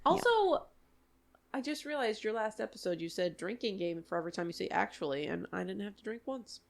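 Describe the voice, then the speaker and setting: A young adult woman co-hosting a podcast in casual chat, animated and swearing casually, often laughing. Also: medium pitch, brisk, gravelly. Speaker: podcast co-host.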